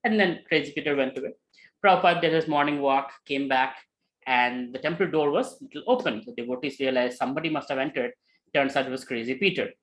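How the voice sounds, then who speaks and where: A man giving a spiritual talk, telling a story with lively retellings and many fillers. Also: mid-range voice, fast, poor audio. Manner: animated, with many fillers and acted quotes. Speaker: spiritual teacher.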